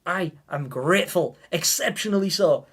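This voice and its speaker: A man hosts a live game stream and chats straight to his viewers. His voice sits a little high, and his heartfelt thanks come out stammering and emotional. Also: moderate pace, a bit bright, breathy edge. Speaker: gaming livestreamer.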